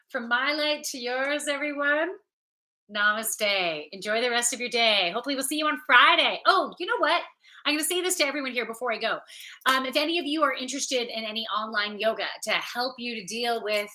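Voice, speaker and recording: Bright-voiced upbeat woman from Ontario. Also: fairly high pitch. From Ontario, Canada. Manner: upbeat and chatty, greets viewers by name. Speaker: yoga teacher and intuitive reader. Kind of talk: casual livestream chat.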